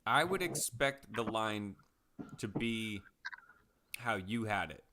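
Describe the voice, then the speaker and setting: A man co-hosting a podcast, chatting casually about soccer picks and betting odds, relaxed and rambling with fillers. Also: lowish voice, takes it slowly, noisy background. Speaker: podcast co-host. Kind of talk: casual sports betting chat.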